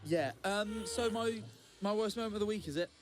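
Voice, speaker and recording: A man's voice: high voice, normal speed. A man co-hosting a podcast, telling a story in casual chat, swearing freely with rambling asides and restarts. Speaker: podcast co-host.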